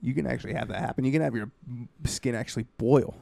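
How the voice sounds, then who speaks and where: A man co-hosting a comedy podcast, talking in animated, swearing banter. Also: mid-range voice, quick pace, vocal fry, no room sound. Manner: animated, swearing, laughing through lines. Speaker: podcast co-host.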